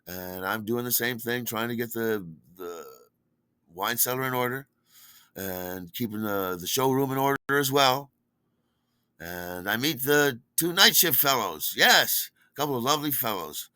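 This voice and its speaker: Bright dry man telling rambling stories. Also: no echo. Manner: rambling, acts out quoted dialogue with pitch jumps. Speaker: podcast host. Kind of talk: casual storytelling monologue.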